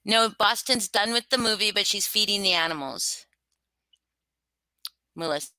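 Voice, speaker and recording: A woman hosts a casual livestream, reading stories and chatting loosely in a rambling, self-conscious way full of fillers and restarts. Her mid-range voice has a sharp tone and moderate pace, and there's no echo.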